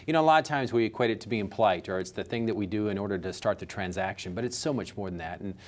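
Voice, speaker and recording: A man's voice: on the low side, racing. A man speaking as a customer service coach in an interview, explaining his points with everyday examples. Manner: animated, teaching with everyday examples.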